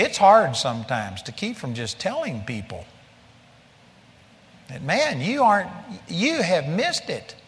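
A man preaching a blunt, forceful sermon, his voice high and swinging widely up and down. Long church-hall reverb rings after his lines.

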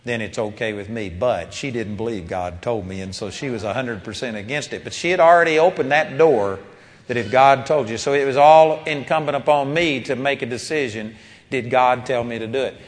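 A man preaching a sermon, telling a personal story with animated rises and quiet drops when quoting people. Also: mid-range voice, moderate pace. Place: large seminar hall. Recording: long reverb of a large hall.

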